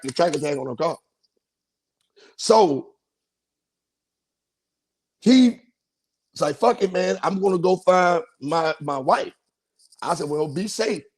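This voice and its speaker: A male podcast host with a notably high voice tells a story in a loose, slangy way. He acts out the quotes with a raised, animated delivery. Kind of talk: casual storytelling.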